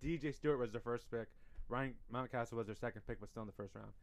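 A man co-hosts a casual sports podcast. He talks through numbers at a middling pitch, often restarting his sentences. The recording is dry and close. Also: fast, dry recording. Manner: stats-heavy, restarts sentences. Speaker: podcast co-host.

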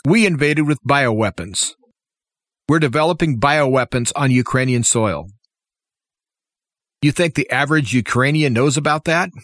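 A man's voice: medium pitch, normal speed, pauses often, fairly bright tone, no echo, clean studio sound. Impassioned man ranting politics. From United States. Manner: impassioned, opinionated, full of rhetorical questions. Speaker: talk show host. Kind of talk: political commentary monologue.

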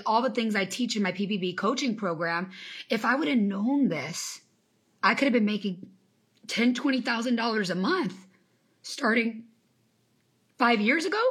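Woman in her 30s, business coach, live motivational talk, emphatic and faith-infused, fairly high voice. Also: a bit bright, husky. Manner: emphatic, faith-infused, greets viewers by name. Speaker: business coach and podcast host.

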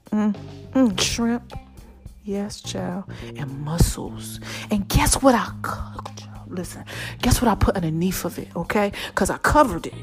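Gushing high-voiced woman host. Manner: animated and gushing, with drawn-out exclamations. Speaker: podcast host. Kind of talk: casual chat.

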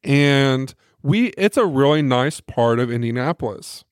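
Speaking at a measured pace in an animated, medium-pitched voice, this male co-host spins a meandering anecdote and performs the quotes of its characters. The studio-quality audio is dry.

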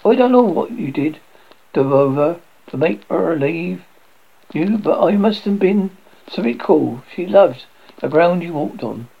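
A man's voice: high voice, expressive, measured pace, vocal fry, husky, highs cut off, full character voice. A man voicing a bitter, grieving old woman servant who talks in rustic country speech and hurls accusations. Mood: accusing.

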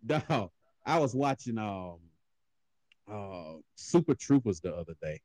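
Animated man chatting with a lively voice. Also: on the low side, measured pace, dry recording. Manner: animated storyteller, laughs often, mimics voices. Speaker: podcast host. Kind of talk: casual chat.

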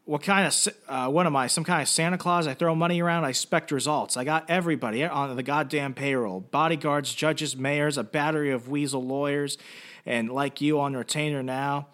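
A man voicing a hot-tempered middle-aged male mob boss father who shouts his demands while reading from a comic. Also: fairly high pitch, fairly even intonation, fast talker, few pauses, voice pushed up, close to an everyday voice. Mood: angry.

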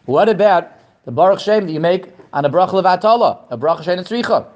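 A man giving a Torah lesson to a class, animated, asking questions and often repeating words. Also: sits high, quick pace, lo-fi sound. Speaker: Torah teacher. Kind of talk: lecture to a class.

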